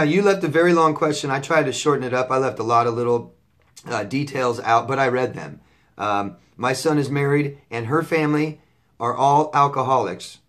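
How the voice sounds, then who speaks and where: A man's voice: mid-range voice, a bit bright. Middle-aged guy giving blunt advice, repeats himself, swears when he gets going. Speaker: relationship coach answering viewer questions. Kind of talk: casual advice monologue.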